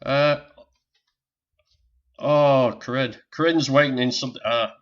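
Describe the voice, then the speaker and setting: An older man with a Northern English accent hosts a casual live stream, joking with viewers while sorting out technical problems. His mid-range voice is steady, a bit bright, and slow-paced, and the lo-fi stream audio sounds dull.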